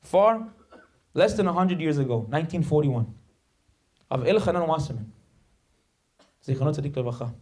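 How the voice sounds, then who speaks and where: A man's voice: a little high, expressive, moderate pace, pauses often, a little mellow. A male rabbi giving a sermon, emphatic and dramatic, telling stories and acting out the voices in them. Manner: acts out quoted voices.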